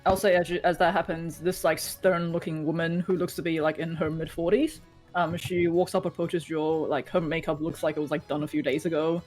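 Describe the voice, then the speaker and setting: A woman's voice: low voice, little pitch movement, fairly quick, darkish tone, soft background music. A woman narrating as game master in a casual, filler-heavy way.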